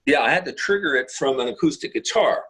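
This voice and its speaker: A man's voice: fairly high pitch, expressive, quick pace, a bit bright, low-quality recording. Man, middle-aged, guest guitarist, rambling anecdotes, fillers and restarts. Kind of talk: casual interview storytelling.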